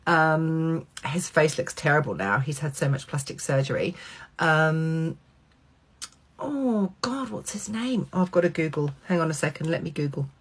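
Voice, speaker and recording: A middle-aged woman vlogger telling a personal anecdote, animated, swearing freely and acting out quoted lines. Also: deep voice, moderate pace.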